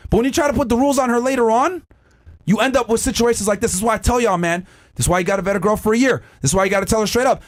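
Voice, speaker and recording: Male podcast host, very high voice, aggressive profane lecturer who shouts his points. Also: very fast. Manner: loud, profane, forceful lecturing. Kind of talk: heated podcast rant.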